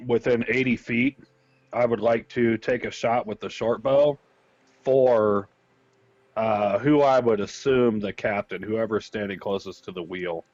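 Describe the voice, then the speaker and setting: Slow, halting man at a game table. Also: on the low side, a little mellow. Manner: slow, hesitant, halting with fillers. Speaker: player. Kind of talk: tabletop game play, casual. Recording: dull lo-fi sound.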